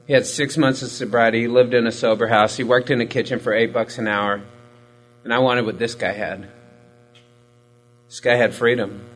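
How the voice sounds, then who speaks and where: A man's voice: medium pitch, steady tone, normal speed, a bit bright, rough recording. A man giving a candid, profane personal testimony in a rambling, self-mocking way, full of fillers. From Hispanic military family background. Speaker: recovery storyteller.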